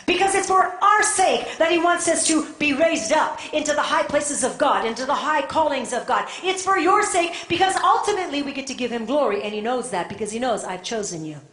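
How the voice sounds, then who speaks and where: A woman preaching a sermon with passion, her delivery swinging from quiet and intimate to loud and fervent. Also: high voice, expressive, fairly quick, hardly any pauses. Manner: impassioned, swings from soft to shouting. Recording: echoey room.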